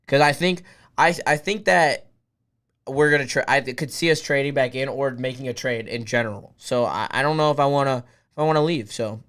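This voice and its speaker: A young man hosting a casual live stream. He rambles, answers his chat and sometimes breaks into loud hype cheering. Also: medium pitch, fairly quick. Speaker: streamer hosting a draft watch party.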